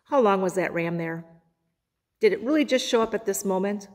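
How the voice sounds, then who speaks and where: A woman pastor preaching a sermon, quoting scripture with dramatic pauses. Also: mid-range voice, animated. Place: church sanctuary. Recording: long hall reverb.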